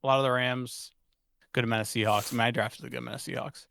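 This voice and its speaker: A man's voice: mid-range voice, little pitch movement, fast, gravelly, bright, forceful tone, no echo, studio quality. Blunt man cohosting a sports podcast. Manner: blunt, swearing, laughing often. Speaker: podcast co-host. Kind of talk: casual sports chat.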